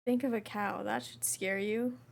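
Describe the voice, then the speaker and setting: A young woman streamer chatting casually with her chat while she plays, reading messages aloud in a relaxed way. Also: mid-range voice, normal speed, gravelly.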